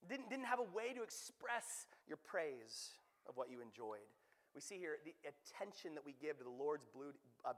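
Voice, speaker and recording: A man in his thirties from Alaska, preaching a sermon in an animated, conversational way that swells loudly when he gets excited. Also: sits high. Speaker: pastor. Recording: long hall reverb.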